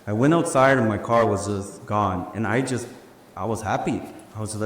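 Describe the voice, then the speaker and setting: A man casually telling a personal story at a live event, animated and slangy, acting out the dialogue. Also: lowish voice, fairly quick. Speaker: speaker sharing a personal story. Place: large room before a live audience. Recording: echoey hall with faint ambience.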